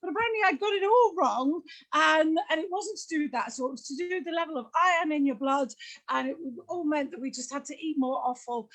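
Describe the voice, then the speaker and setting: A woman's voice: high voice, fairly quick. A woman with a British accent doing chatty, teasing stand-up comedy on a video call. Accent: British English. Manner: chatty, teasing, lively storytelling. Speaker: comedy host.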